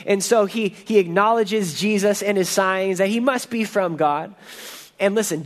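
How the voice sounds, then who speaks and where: High-voiced earnest male preacher. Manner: earnest and emphatic, with frequent restarts. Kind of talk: expository sermon.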